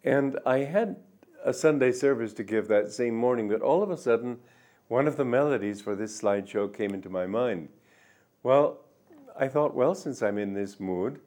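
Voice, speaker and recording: An older man giving a reflective spiritual talk, speaking gently and musingly, with soft drawn-out endings. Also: mid-range voice. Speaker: spiritual teacher.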